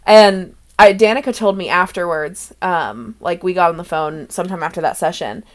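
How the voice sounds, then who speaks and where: A woman's voice: lowish voice, moderate pace. A young woman hosting and running a tabletop game, chatting casually with a player, rambling and laughing often between thoughts. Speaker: game master and host. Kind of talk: casual chat about a tabletop campaign.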